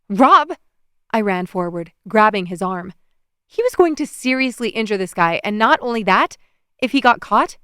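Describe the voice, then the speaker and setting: With a smooth, resonant voice at mid pitch, a woman narrates a romance audiobook written in the first person and brings expressive storytelling to it. The studio recording is close and dry, free of room sound.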